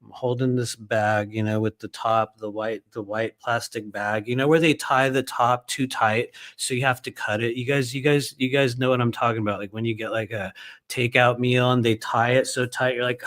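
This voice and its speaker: A man's voice: medium pitch, steady tone, moderate pace, no echo. A man in his fifties telling a story to his viewers in a casual, rambling way, with many fillers and repeated phrases. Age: 50s.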